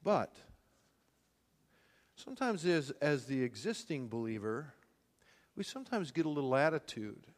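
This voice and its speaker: A man's voice: a little high, sing-song, a little slow, long pauses, big-room sound. A man preaching a sermon, retelling a parable in plain everyday words and voicing its characters. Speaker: pastor.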